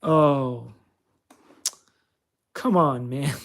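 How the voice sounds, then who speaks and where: Male host, gravelly texture, chatty and self-mocking, narrating his own gameplay. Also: fairly high pitch, measured pace, a little mellow. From California. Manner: chatty, self-mocking, talks to himself while playing. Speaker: channel host. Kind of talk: casual gameplay commentary.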